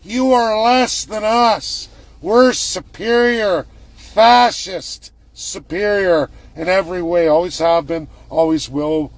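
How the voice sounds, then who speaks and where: A man putting on the voice of an arrogant male government official, contemptuous and shouting. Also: high voice, no echo, pitched above the performer's own voice. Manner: contemptuous, shouting, drawn-out sneer.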